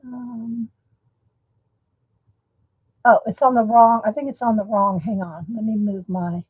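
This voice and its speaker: A woman's voice: fairly high pitch, steady tone, unhurried, slightly rough, dry recording, phone-quality sound. A woman hosting a casual livestream from home, chatting and laughing often while greeting viewers by name. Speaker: livestream host. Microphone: desktop USB microphone.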